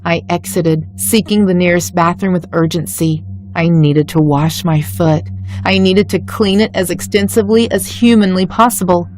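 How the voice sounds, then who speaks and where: A woman reading a scripted first-person horror story in a measured, dramatic way. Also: on the low side, a little mellow, soft background music. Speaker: story narrator.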